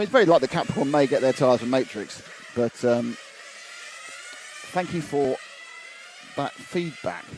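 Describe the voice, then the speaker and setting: A man commentating live on a model car race, chatting and rambling through viewer comments at an outdoor track. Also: fairly high pitch. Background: engine noise.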